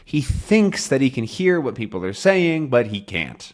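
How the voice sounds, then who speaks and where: A man's voice: mid-range voice, big pitch swings, a little slow, few pauses. A man teaching English by explaining a comic to learners, talking loosely with fillers.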